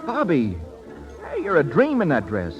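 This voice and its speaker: A man's voice: fairly high pitch, wildly swooping pitch, normal speed. An actor playing an eager, boyish young man in a vintage radio drama, breezy and slangy. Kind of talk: 1940s radio acting. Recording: muffled old radio recording with music.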